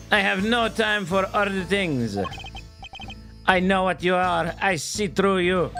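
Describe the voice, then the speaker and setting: A man's voice: mid-range voice, vocal fry, pitched below the performer's own voice. A man voicing a pompous, wealthy foreign art dealer with a put-on French-like accent, haughty and impatient. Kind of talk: dramatic reading of game dialogue.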